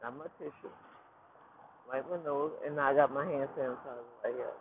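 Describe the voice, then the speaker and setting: A man casually telling viewers a personal faith story, animated and repetitive, often turning to talk to them directly. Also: mid-range voice, a little fast. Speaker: vlogger sharing a personal testimony. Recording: phone-quality line with faint noise.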